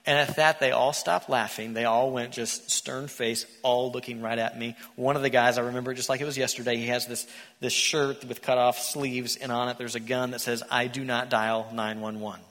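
A man preaching a sermon in a church, an animated storyteller who acts out the characters. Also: mid-range voice, brisk. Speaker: pastor. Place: church sanctuary. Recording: echoey church hall.

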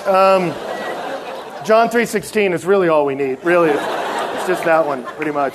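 A young man preaching a sermon, telling a lively story and acting out the people in it. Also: a little high, moderate pace, pauses often, a crowd in the background, noisy background. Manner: animated storyteller acting out quoted voices.

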